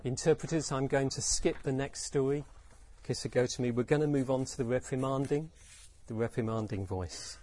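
A man's voice: medium pitch, normal speed, darkish tone. A man, a Buddhist teacher, telling stories in a reflective talk, often posing questions to his listeners. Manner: reflective, poses rhetorical questions, acts out quotes. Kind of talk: Dharma talk with storytelling.

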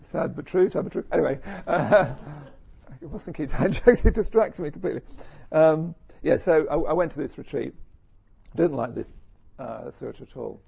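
A middle-aged man with a slightly high, dark-toned voice speaks at a moderate pace, giving a reflective personal talk to an audience. His gravelly, husky delivery is musing and self-deprecating.

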